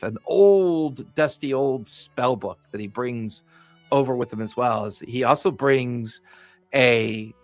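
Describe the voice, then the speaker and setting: Guy running a tabletop game over a call, calm measured narration, dry close sound. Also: mid-range voice, no room sound. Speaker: game master.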